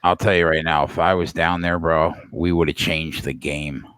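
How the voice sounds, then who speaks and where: Man, very low voice, dry close sound, blunt, swears, mock-dramatic, casual podcast chat. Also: steady tone, normal speed, a bit bright, clean tone, no room sound.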